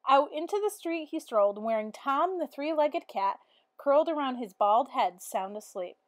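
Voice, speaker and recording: Teacher reading a picture book aloud, a woman with a higher voice and a dry, close sound. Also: lively intonation, moderate pace, dry recording.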